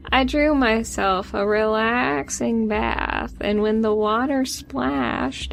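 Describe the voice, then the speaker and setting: Woman, very slow drawl, gravelly, deadpan review reading, faint background hiss. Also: fairly high pitch. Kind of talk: reading a comic hotel review.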